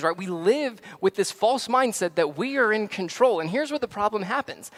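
Man, pastor, sermon, casual talk, fairly high voice, dramatic swings in volume. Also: animated, normal speed. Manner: conversational, dramatic swings from hushed to loud.

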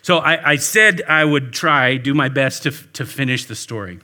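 A man's voice: mid-range voice, moderate pace, bright, forceful tone. A man preaching a sermon, telling a story earnestly and leading a prayer. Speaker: pastor.

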